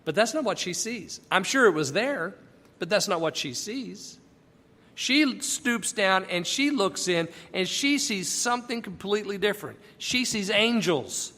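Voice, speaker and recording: Male Bible teacher, high and bright, conversational and emphatic, long reverb. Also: lively intonation, a little slow.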